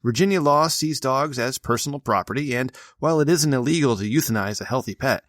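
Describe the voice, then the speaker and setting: A man's voice: mid-range voice, fairly quick, fairly bright tone, dry recording, studio quality. A man hosting a podcast, reading news stories aloud and cutting in with blunt, profane asides. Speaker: podcast host.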